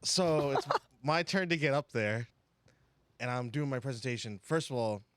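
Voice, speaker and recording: A man's voice: medium pitch, expressive, normal speed, fairly bright tone, clear, resonant tone, dry recording. A young man, a podcast co-host, telling a story in a casual chat among friends, full of fillers and laughter.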